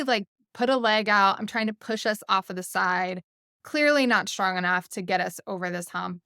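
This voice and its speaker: A woman in her thirties hosting a podcast, telling a family story in a casual, animated way with frequent laughs and "like" fillers. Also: medium pitch, clean tone, no room sound, studio quality. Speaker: podcast host.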